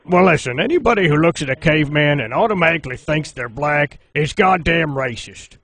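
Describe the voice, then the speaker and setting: A man's voice: fairly high pitch, animated, brisk, fairly bright tone. A man making a prank phone call, speaking in a provocative, mock-sincere way. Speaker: prank caller.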